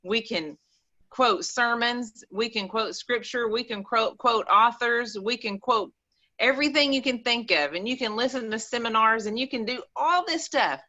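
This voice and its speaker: Bright-voiced East Texas woman, animated. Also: a little high, moderate pace, lo-fi sound. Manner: animated, rambling, folksy. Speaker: caller on a call-in show. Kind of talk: casual chat.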